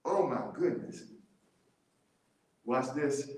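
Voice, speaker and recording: A man leading a church Bible study, animated, repeating key words and laughing often as he teaches. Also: medium pitch, drawn-out words. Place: church room. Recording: very echoey church room.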